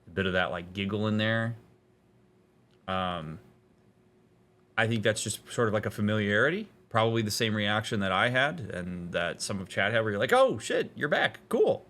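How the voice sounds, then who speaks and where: A therapist giving let's-play commentary in a reflective, analytical way, with casual fillers. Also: male voice, on the low side, normal speed, sharp tone. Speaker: therapist playing a game.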